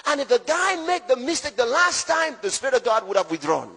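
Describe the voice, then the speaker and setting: Husky, high-voiced preaching man. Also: big pitch swings, fairly quick, in a large hall. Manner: emphatic, swings between loud shouts and low hushed lines. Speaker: pastor. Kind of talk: preaching a sermon.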